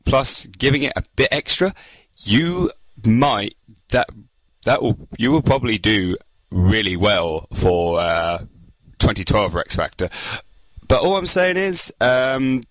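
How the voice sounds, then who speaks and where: Rambling man, lively pitch. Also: takes it slowly, no echo, low-quality recording. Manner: rambling, hesitant, many fillers. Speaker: contest judge and podcast host. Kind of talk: casual podcast judging.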